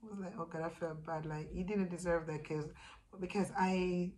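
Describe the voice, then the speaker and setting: A Jamaican woman vlogger, a mother with a young son, telling a personal story in a halting, emotional way with many restarts. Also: on the low side, fairly even intonation, darkish tone, poor audio. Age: adult with a young son.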